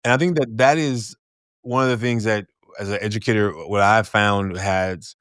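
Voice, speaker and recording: Man, podcast host, low smooth voice, reflective, dry sound. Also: normal speed, fairly bright tone, no room sound. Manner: reflective, thinks aloud with "right?" tags. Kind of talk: casual podcast conversation.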